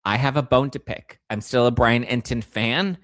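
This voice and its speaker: A male host giving sarcastic, animated commentary on celebrity news, at times jumping into high squeals. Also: moderate pace, dry recording, clean studio sound. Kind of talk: casual commentary.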